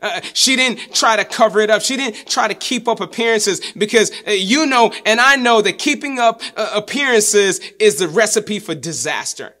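A man delivers a sermon in a high voice. His tone is bright and forward, and his preaching is emphatic. He repeats key phrases and sinks his voice low for weight. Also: normal speed, hardly any pauses.

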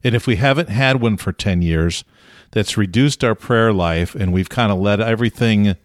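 A man's voice: lowish voice, moderate pace, dry recording, studio quality. A man interviewing a guest, asking thoughtful, probing questions.

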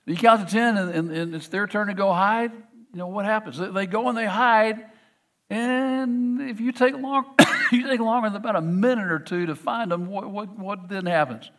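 A man's voice: sits high, moderate pace, a bit bright. A middle-aged man preaching a sermon, earnest, often restarting with repeated words. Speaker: pastor.

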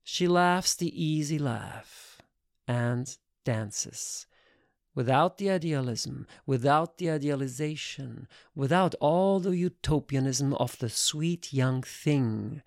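Casting: male literary narrator, unhurried and even, close dry studio sound. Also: mid-range voice, dry recording. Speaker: audiobook narrator.

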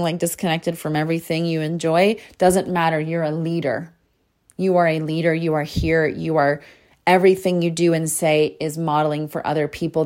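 A young adult woman with a low, darkish voice hosts her own podcast as a spiritual coach. In this casual monologue she speaks earnestly and from the heart, filling her sentences with "like."

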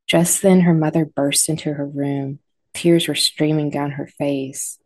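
A woman narrating scripted horror stories in a low, mellow voice. Her telling is measured and dramatic. The recording is close and dry. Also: steady tone, dry recording.

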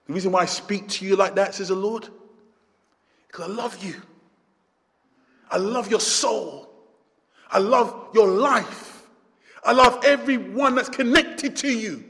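Man, preacher, sermon, high-pitched, long hall reverb. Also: sing-song, unhurried, long pauses. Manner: impassioned, rising to near shouts then dropping low.

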